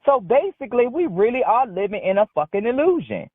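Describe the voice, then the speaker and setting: A woman's voice sits high for her, coming through a thin, phone-like line with no room sound around it. She calls in to a talk show and talks casually, blunt, cursing freely, and she rambles from one thing to the next. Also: very animated, a little fast, dry recording. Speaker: caller. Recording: dry tinny phone line.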